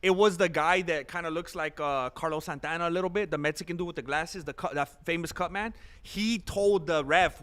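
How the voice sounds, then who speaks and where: A man giving casual, animated commentary on a live stream while watching fights, chatting and laughing often. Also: a little high, a little fast, few pauses.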